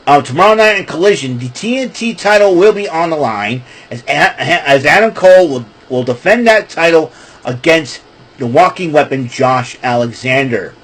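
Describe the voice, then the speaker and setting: A man's voice: on the high side, expressive, moderate pace, fairly bright tone, rough recording. A man hosting a casual wrestling recap show, talking in a rambling, chatty way. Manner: rambling, chatty, breaks into laughing fits.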